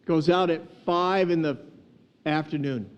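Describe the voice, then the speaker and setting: A man teaching on a casual podcast, retelling a story in a lively, humorous, conversational way. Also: a little high, unhurried, smooth.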